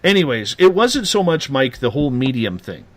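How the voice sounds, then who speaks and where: Lively, ranting radio host man. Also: mid-range voice, normal speed. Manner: animated, teasing, ranting. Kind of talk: late-night radio talk.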